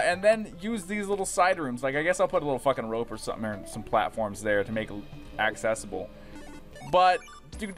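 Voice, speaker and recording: A young man talks through his gameplay in a loose, rambling let's-play, swearing freely and jumping from mumbles to excited yells. His voice sits a bit high for a man and swings widely in pitch. Faint game music plays underneath. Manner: animated, profane, rambling, bursts into excited yells. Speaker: gaming YouTuber. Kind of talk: casual let's-play commentary.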